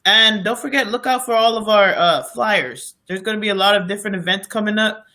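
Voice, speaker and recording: Male co-host, high, bright voice, rambling casual storyteller. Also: brisk. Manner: rambling, with many restarts and fillers. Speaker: podcast co-host.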